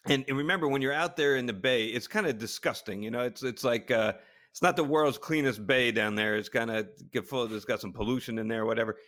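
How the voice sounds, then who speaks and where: A man swapping stories on a relaxed podcast, animated and quick to laugh. He stumbles and restarts as he goes, full of energy. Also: mid-range voice. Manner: animated storytelling, laughing a lot, many restarts. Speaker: podcast co-host, former astronaut. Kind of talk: casual chat.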